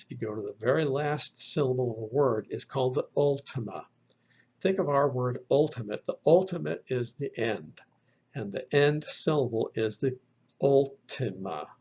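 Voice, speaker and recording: Male teacher, slow and patient, husky gravelly voice, lo-fi voice-over. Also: medium pitch. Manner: slow, patient explaining with fillers. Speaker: Bible Greek teacher. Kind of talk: slide-based lesson.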